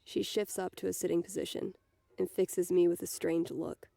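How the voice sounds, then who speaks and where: Gravelly low-voiced woman reading a novel. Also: level tone, moderate pace, warm tone. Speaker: reader.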